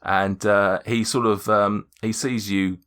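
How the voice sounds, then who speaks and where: A man's voice: lowish voice, steady tone, takes it slowly, a bit bright, clean tone. A man running a tabletop game as game master, narrating in a rambling, joking way with lots of hesitation.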